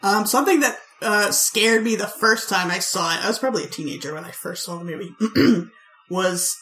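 Animated woman in a roomy echo. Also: mid-range voice, normal speed. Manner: laughs often, animated storytelling. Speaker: podcast co-host. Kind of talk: casual chat.

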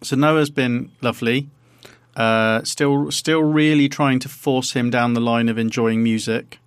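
A man's voice: mid-range voice, fairly even intonation, unhurried, clear, resonant tone, no room sound, clean studio sound. A man, co-hosting a casual podcast and chatting in a rambling, self-interrupting way. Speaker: podcast co-host. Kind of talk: casual chat.

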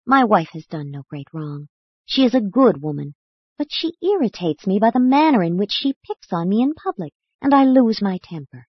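A woman voicing a hot-tempered grown man turned remorseful, speaking in a halting, apologetic way. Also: mid-range voice, big pitch swings, slightly rough, no echo, lo-fi sound.

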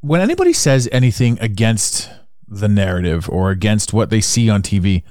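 A Canadian man hosts a solo podcast in a fairly low voice. His pitch rises and falls widely as he rambles, repeating himself and circling back to earlier points. The recording is dry, with no room sound. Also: sing-song, moderate pace, darkish tone, dry recording. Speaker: podcast host.

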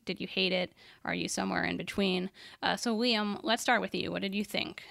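A woman hosts a film discussion podcast, her voice carrying a gravelly texture. She reads out a plot summary, then puts questions to her guests. The sound is dry and close, with no room around it. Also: medium pitch, steady tone, brisk, a bit bright, dry recording. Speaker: podcast host.

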